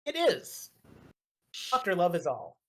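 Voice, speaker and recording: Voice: medium pitch, wildly swooping pitch, unhurried. A game master voicing a polite, cheerful robot guide who speaks matter-of-factly about grim things, in a tabletop role-play.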